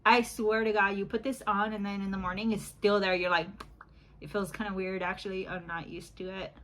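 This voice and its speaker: A woman's voice: medium pitch, level tone, a little fast, fairly bright tone, a little hiss or hum, rough recording. A woman in her thirties chatting casually at home as she does her makeup for a beauty vlog, rambling and laughing often, recorded on a phone camera. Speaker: YouTube beauty vlogger. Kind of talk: casual chat while doing makeup. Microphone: phone back camera.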